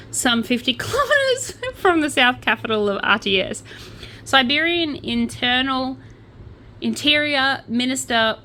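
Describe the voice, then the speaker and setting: A woman's voice: a little high, expressive, a little slow, bright, forceful tone. Chatty woman podcaster, slight background hiss. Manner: chatty, self-deprecating, stumbles over names; crochets while talking. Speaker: podcast host. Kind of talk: casual chat reading news aloud.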